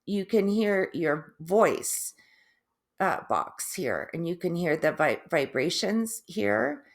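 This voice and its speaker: Slow, halting middle-aged woman. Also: lowish voice, sing-song, creaky. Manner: halting, with restarts and long pauses; drawn-out, oddly stressed syllables. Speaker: vlogger sharing her stroke recovery. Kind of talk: casual personal video.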